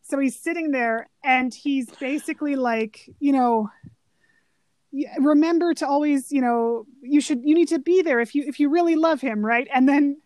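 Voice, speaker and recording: A woman's voice: sits high, moderate pace, a little mellow, no echo. A woman co-hosting a casual film chat, animatedly retelling favorite scenes. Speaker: podcast co-host.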